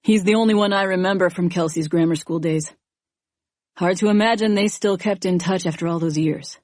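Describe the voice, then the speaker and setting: A woman's voice: lowish voice, fairly quick, a little mellow, no room sound, studio quality, close to an everyday voice. A woman voicing a grieving, subdued young man. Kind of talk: audiobook character voice.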